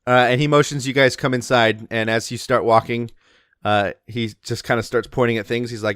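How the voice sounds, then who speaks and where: A man's voice: mid-range voice, fairly even intonation, brisk, a bit bright, no echo, clean studio sound. A man narrating as game master in a tabletop game, rambling with many fillers, over faint music.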